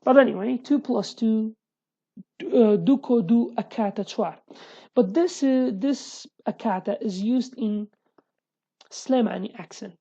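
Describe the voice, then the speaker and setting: Woman teaching in halting English. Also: fairly high pitch, vocal fry, dark tone, slightly rough, dull audio. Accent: Sulaymaniyah Kurdish. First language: Kurdish. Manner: halting, many restarts, repeats example phrases slowly. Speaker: language teacher. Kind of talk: online language lesson.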